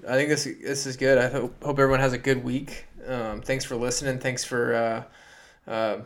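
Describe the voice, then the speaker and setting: Male podcast co-host, mid-pitched voice, casual and a bit halting, with fillers and restarts. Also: little pitch movement. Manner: hesitant, repeats words, says um a lot.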